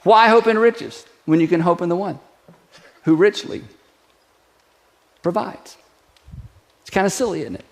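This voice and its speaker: A middle-aged man with a fairly high voice preaches in a loose, conversational way. He jokes with his listeners, stacks rhetorical questions one after another, and coaxes them into saying a declaration together. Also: a little slow, long pauses. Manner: leads the congregation in a spoken declaration. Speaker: pastor. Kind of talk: sermon.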